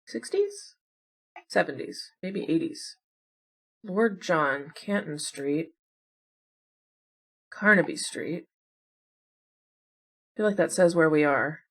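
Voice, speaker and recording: A woman talks her way through guessing games, musing aloud in a relaxed, chatty way. Her voice sits on the lower side, and she drops in wry remarks about herself as she goes. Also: slow, pauses often, husky. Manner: chatty, wondering aloud, self-deprecating asides. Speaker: puzzle game streamer. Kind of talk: casual think-aloud commentary.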